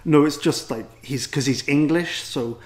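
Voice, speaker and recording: A fellow priest speaking gently to a child, slowing down to explain something simple, put on by a man as part of a story. His voice is close to a plain everyday man's voice. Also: on the high side, lightly acted.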